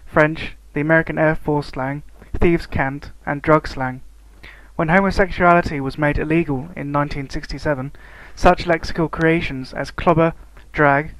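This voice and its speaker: In a slightly higher voice, a man acting as student narrator reads scripted educational material at an even pace, slowing down for example words. The sound is low quality, dry and close, with no room sound.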